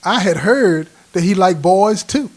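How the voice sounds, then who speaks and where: High-voiced man spinning a street story. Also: measured pace. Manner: street slang, acts out quoted dialogue; animated, laughs at his own story. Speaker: host telling his own prison stories. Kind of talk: casual spoken storytelling.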